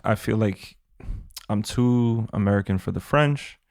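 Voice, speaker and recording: Gravelly low-voiced podcast host. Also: male voice, a little slow, no echo, clean studio sound. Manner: relaxed, friendly, loose rambling talk. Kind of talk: casual chat.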